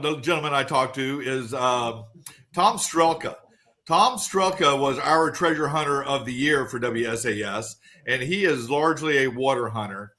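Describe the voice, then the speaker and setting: Bright-voiced man giving a quick report. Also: medium pitch. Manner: quick, auctioneer-like rundown with fillers. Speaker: guest treasure hunting reporter. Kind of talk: casual call-in report.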